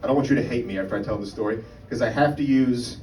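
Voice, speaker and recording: A man's voice: medium pitch, fast talker, a little mellow. A man doing a stand-up comedy set on a club stage, talking in a conversational, profane way and often checking in with "right?". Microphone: mic on a stand. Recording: roomy live room, mic far off, background noise.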